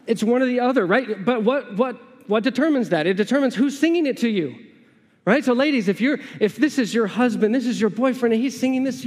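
A man preaches a sermon in a chatty, conversational tone, slipping into the imagined voices of his listeners. His voice sits high for a man. A long reverb trails behind him as if in a large hall. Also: a little fast, darkish tone. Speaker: pastor.

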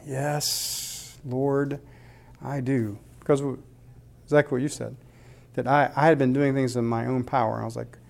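A man's voice: mid-range voice, fairly even intonation, measured pace, creaky, a little mellow. A man in his forties giving a candid, personal conversational sermon and asking his listeners questions. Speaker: speaker leading a church group.

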